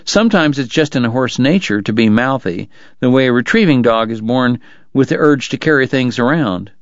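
A man's voice: mid-range voice, expressive, no echo, dull audio. Man narrating a story, dry sound. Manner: measured storytelling. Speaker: audiobook narrator. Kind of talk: scripted narration.

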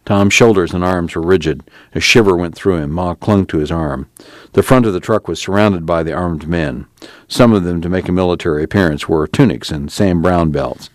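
A man reading a novel aloud for a radio reading service in a measured, plain narration. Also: deep voice, no room sound. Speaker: radio book reader.

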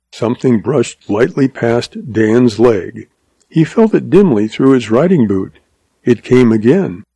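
A man narrating a western story in a measured, unhurried audiobook reading. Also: medium pitch, mellow, slightly rough, no room sound.

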